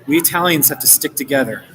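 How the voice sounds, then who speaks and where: A man's voice: on the high side, fairly bright tone. An American man chatting casually on a live stream from a busy coffee shop, rambling and chuckling between remarks. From United States. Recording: noisy coffee shop background. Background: café chatter and noise.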